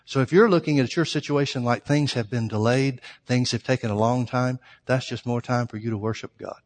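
An earnest man delivers a sermon, recounting a story to his congregation. His voice sits at a middle pitch. The sound carries a long, lingering reverb. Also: brisk. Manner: storytelling, earnest, addresses listeners as folks. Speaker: preacher.

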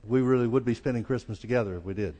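A man's voice: very fast, warm tone. A man with a Southern US accent preaching a sermon as pastor, folksy and acting out the quoted lines. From American South. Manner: folksy, acts out quoted lines with rising pitch. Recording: long reverb of a church hall.

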